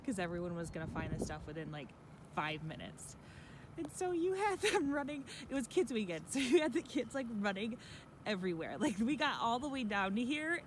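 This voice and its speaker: A woman's voice: mid-range voice, animated, normal speed, a little hiss or hum. A woman who works at a camp, fondly recalling memories in a casual tribute, laughing often as she talks. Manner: laughs often, chatty with many likes. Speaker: camp staff member giving a tribute. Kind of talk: casual heartfelt reminiscing.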